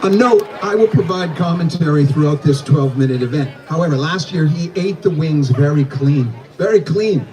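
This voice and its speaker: A man emceeing a live eating contest, with theatrical, hyped commentary and countdowns that he shouts out. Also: a little high, normal speed, few pauses, a little hiss or hum. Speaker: contest announcer. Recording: distant outdoor PA with crowd and music.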